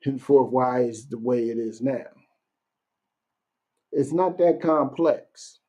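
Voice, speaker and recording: Man, mid-pitched, casual Bible class teacher, warm and dark tone. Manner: conversational, keeps asking "you know what I'm saying"; reads verses slowly and deliberately.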